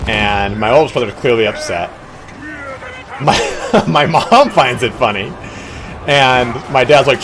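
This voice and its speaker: Amid background noise, a young male streamer chats casually while playing, telling a crude tale and performing its voices with animation. He speaks a little slowly at medium pitch and pauses often.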